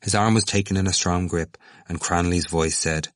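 A man reading a novel aloud as an audiobook narrator in a measured, even way. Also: low voice, no room sound, studio quality. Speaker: audiobook reader.

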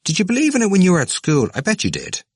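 A man's voice: high-pitched, huge pitch swings, very fast, husky, no room sound, clean studio sound, pitched above the performer's own voice, heavily acted. A man doing a sardonic young student, probing.

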